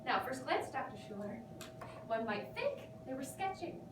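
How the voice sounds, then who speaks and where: Woman acting as a neurotic rambling young woman, giggly, dramatic, high voice, echoey room. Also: pushed and bright. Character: neurotic, self-absorbed young woman venting to her therapist. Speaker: actor performing a monologue. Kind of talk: theatrical comic monologue. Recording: echoey room, distant mic, background noise.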